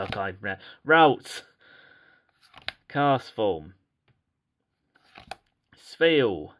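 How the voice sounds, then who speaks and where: Male channel host, casual and murmuring, unhurried delivery, faint background noise. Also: fairly low pitch. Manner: quiet, murmuring as he lists cards. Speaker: pack-opening channel host. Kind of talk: casual card-opening commentary.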